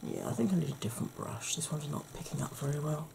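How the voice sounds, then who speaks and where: A woman with a husky, croaky voice hosts a soft-spoken ASMR makeup tutorial, chatting gently to her viewers. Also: sits low, expressive, fast. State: husky, croaky voice from a sore throat.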